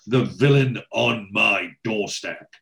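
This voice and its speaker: A man's voice: lowish voice, slow, gravelly, a bit bright, exaggerated voice. A man voicing a flashy middle-aged London crook with a London accent, chummy and persuasive. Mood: wheeling-dealing.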